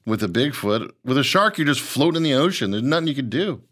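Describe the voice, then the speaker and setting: A man's voice: medium pitch, lively intonation, fast talker, fairly bright tone. A man co-hosting a podcast in casual chat, laid-back and teasing. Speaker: podcast co-host.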